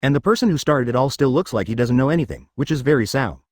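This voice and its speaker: Fast, lively male audiobook narrator. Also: mid-range voice, no echo.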